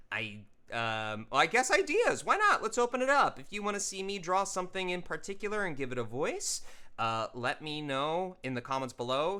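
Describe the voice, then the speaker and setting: A man's voice: medium pitch, sharp tone, clean tone. A man hosting his own show, chatting casually as he draws, rambling with many fillers and self-corrections. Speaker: host. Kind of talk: casual commentary while drawing.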